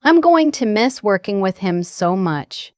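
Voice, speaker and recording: A woman voicing a soft-spoken young woman in an audio drama, who speaks gently and confidingly with emotion close to the surface. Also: medium pitch, big pitch swings, a little slow, no echo. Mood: tender.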